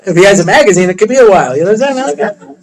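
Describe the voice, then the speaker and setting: Racing through his lecture in a study hall, a rabbi with a fairly high voice tells his students a humorous, animated story, voicing the characters as he goes. It's a low-quality recording.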